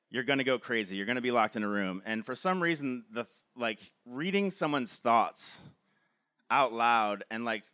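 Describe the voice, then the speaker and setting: A man's voice: medium pitch, pushed and bright. A man, a film producer, giving an enthusiastic motivational talk, filling his sentences with "like". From Cleveland, USA. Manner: enthusiastic, frequent filler "like".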